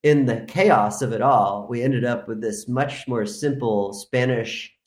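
A man's voice: medium pitch, measured pace, darkish tone. A man speaking as a podcast guest in casual chat, telling a long rambling story full of "like". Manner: rambling storyteller, heavy use of filler "like". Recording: roomy echo.

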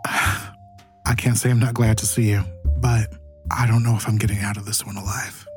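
A man's voice: lowish voice, level tone, moderate pace, faint music behind, lightly acted. A man voicing a wounded woman soldier who talks bluntly and wearily. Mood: weary.

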